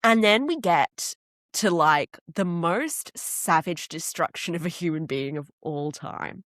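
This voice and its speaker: A woman's voice: lowish voice, takes it slowly, no room sound, clean studio sound. A woman co-hosting a podcast, chatting casually and acting out what people said as she retells a show. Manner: animated storyteller who acts out quotes. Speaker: podcast co-host.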